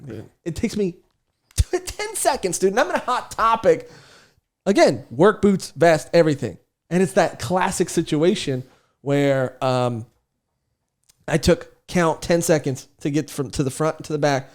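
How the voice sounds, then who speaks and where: Young male podcast co-host, highish lively voice, rambling comic storyteller who laughs a lot and swears casually. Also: moderate pace. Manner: rambling, laughing often, swearing, repeating "dude". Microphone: studio podcast mic.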